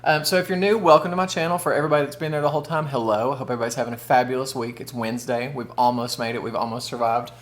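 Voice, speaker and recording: This man's mid-range voice stays steady while he talks very fast with few pauses. He's a food vlogger from the Southern United States doing a casual mukbang, chatting folksily and addressing viewers as "y'all" and "honey."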